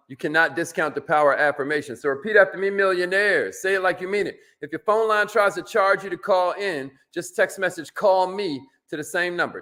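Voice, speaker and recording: An energetic man hosts a motivational live stream, greeting viewers by name and pushing them to like and share. His voice sits high for a man. He talks casually and leans on y'all.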